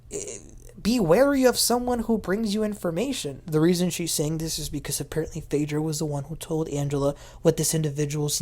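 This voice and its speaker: A young man casually recapping a reality TV episode, acting out the cast's lines with big swings in his voice. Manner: animated, acts out quotes with big pitch jumps. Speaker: TV recap host.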